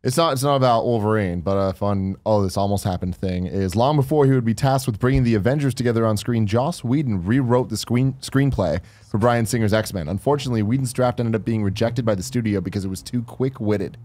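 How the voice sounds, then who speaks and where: A man with a somewhat low voice relays trivia in a casual podcast chat. The recording is dry with no room echo. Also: brisk, few pauses, darkish tone. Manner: reading out trivia, brief agreeing interjections. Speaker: podcast co-host.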